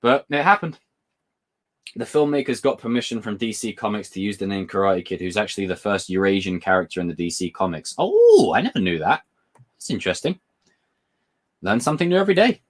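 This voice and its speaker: A man's voice: fairly low pitch, brisk. A man hosting a casual live stream. He reads viewer questions aloud, answers them, swears casually and laughs a lot while telling stories.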